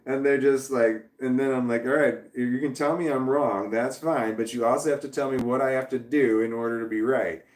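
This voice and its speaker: A man's voice: medium pitch, fairly even intonation, a little fast, few pauses, darkish tone, echoey room. A man on a casual livestream, ranting heatedly and swearing, with laughs between sentences. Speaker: vlogger.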